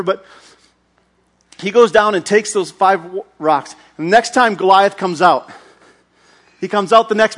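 A lively male preacher with a high voice delivers an animated sermon retelling Bible stories. He acts out the characters, using shouts and sound effects.

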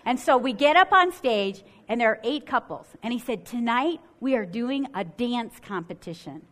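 A middle-aged woman from Michigan preaching a sermon, telling a story in an animated way and acting out what people said. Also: a little high, normal speed, hardly any pauses. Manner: animated, acts out quotes with swings in loudness.

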